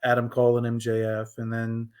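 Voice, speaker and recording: A man co-hosting a podcast in casual chat, excitable and throwing out rapid-fire questions. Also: medium pitch, no room sound. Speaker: podcast co-host. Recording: dull lo-fi sound.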